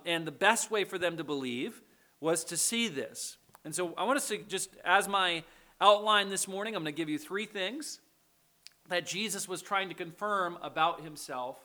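Guy preaching a sermon, chatty, keeps asking "okay?", high voice. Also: pushed and bright. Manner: conversational, checks in with the audience. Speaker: pastor.

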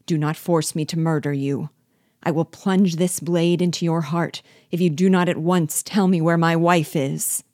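A woman's voice: deep voice, fairly even intonation, unhurried, a little mellow, no echo, clean studio sound. A woman voicing a furious young husband, reading his urgent, emphatic demands from a novel.

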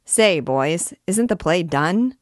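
A woman voicing a rowdy young male student in a storybook reading, jeering quickly. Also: on the high side, animated, dry recording, clean studio sound.

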